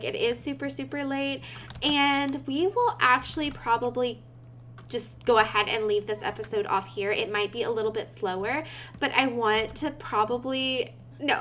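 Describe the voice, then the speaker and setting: A woman's voice: high-pitched, a bit bright, a little hiss or hum. A woman giving casual gameplay commentary, chatty and giggly, talking to her game characters and her viewers. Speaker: gaming video creator.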